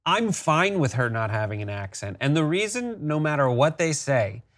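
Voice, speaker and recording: A man's voice: fairly high pitch, big pitch swings, moderate pace, a bit bright. A man co-hosting a casual pop-culture discussion, easygoing with a wry, dry humor. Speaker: co-host.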